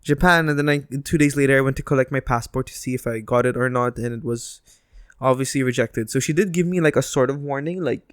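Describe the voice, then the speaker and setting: Brief: man co-host, mid pitch, hesitant storyteller, dry close mic. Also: quick pace, clean tone, no echo. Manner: storytelling, hesitant with many uhs. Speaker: podcast co-host. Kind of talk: casual chat.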